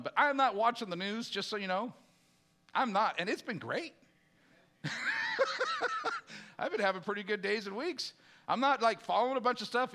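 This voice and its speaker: Middle-aged guy preaching, lively and high, real bright voice, chatty with the church. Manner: animated, casual preaching with direct address to the congregation. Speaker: pastor. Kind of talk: conversational sermon.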